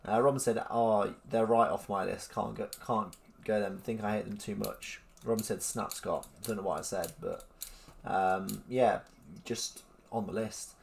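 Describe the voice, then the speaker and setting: A man's voice: fairly low pitch, steady tone, unhurried, creaky, slight background noise. A man hosting a livestream, chatting casually with lots of ums and reading out viewer comments. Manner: rambling, lots of ums, mock-incredulous asides. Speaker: livestream host.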